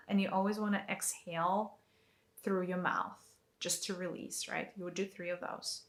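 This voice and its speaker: A woman's voice: mid-range voice, flat delivery, normal speed, fairly bright tone. A woman teaching a guided energy meditation in a chatty way, with lots of fillers as she demonstrates hand movements. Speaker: spiritual teacher.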